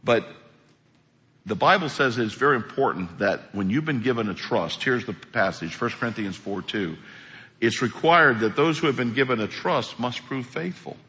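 A man preaching a sermon as pastor, animated, acting out quotes as he preaches. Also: mid-range voice, normal speed. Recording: echoey hall.

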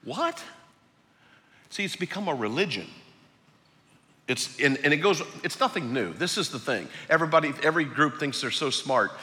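A man preaching a sermon as pastor, emphatic, swinging between loud peaks and quiet low lines. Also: animated, brisk. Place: large church hall. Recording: long hall reverb.

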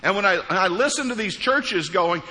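Man, pastor preaching, bright forceful voice, slightly high, echoing hall reverb. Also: animated, moderate pace. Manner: emphatic preaching with sudden rises and drops. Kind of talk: sermon.

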